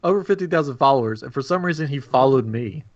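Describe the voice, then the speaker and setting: A man's voice: medium pitch, lively intonation, quick pace. Chatty man on a lo-fi podcast stream. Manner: chatty storyteller, laughs often. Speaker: podcast co-host. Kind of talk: casual chat.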